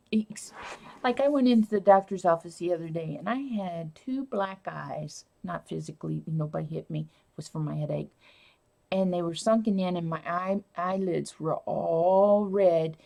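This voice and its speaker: A woman's voice: fairly low pitch, moderate pace, vocal fry, warm tone. A woman hosting a casual live stream, rambling and answering viewer comments as she talks.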